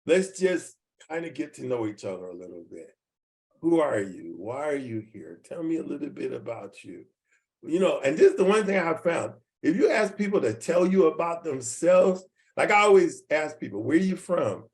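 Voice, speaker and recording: A man's voice: a little high, very animated, normal speed. A man in his seventies leading a team training over a video call, folksy and repetitive, often checking that the audience follows him. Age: 70s. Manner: folksy, repeats points, asks the audience questions.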